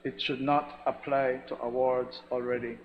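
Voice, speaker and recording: A man with a Belizean accent giving a formal, measured speech in a senate chamber, stressing each point. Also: mid-range voice, little pitch movement. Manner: measured, emphatic, repeats formal address. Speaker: senator presenting a resolution. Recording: lo-fi recording with long hall reverb and faint noise.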